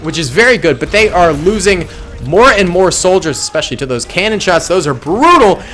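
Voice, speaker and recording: A man talks through a battle simulation in casual gameplay commentary, thinking aloud and correcting himself as he goes. His voice sits fairly high for a man. He reacts quickly to what he sees. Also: animated, pushed and bright. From suburban Massachusetts. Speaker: gaming channel host.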